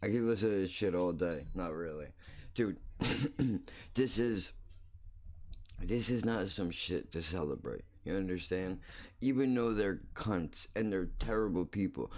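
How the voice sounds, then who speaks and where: A man's voice: deep voice, expressive, unhurried, long pauses, a little mellow. A man hosting his own show, telling a story in a blunt, crude, rambling way, full of profanity and restarts. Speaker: podcast host.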